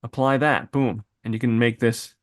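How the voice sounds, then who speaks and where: A man teaching video editing software, thinking aloud as he clicks through presets, with loose asides and exclamations. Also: mid-range voice, fairly even intonation, normal speed. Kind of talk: screen-recorded software tutorial.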